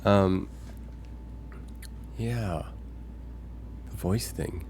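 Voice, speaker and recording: A man with a very low voice chats casually on a live stream, musing aloud and rambling through filler words. He reads viewers' messages out loud as he goes. Faint noise sits under his voice. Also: very slow.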